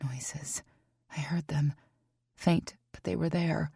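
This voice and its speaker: A woman reading a first-person romance audiobook in an intimate, emotive way, with hushed passages. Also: sits low, flat delivery, measured pace, gravelly, breathy edge, dry recording, studio quality. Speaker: audiobook narrator.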